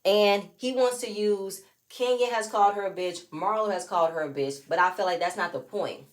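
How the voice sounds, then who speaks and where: Sassy, animated woman recapping reality TV. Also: medium pitch, normal speed. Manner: animated, sassy, reenacts quotes in shifting voices. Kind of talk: casual recap commentary.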